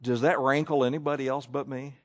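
A man preaching a sermon, reading scripture aloud and telling stories in an animated way. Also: medium pitch, brisk.

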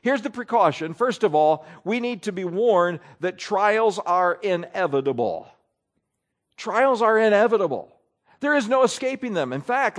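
A pastor preaching a sermon in church, reading Scripture aloud with emphatic rises and drops. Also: male voice, high voice.

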